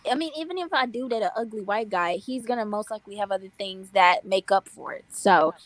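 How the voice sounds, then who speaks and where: A woman guest in a casual group chat, snarky and mocking, with drawn-out asides. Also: medium pitch, expressive.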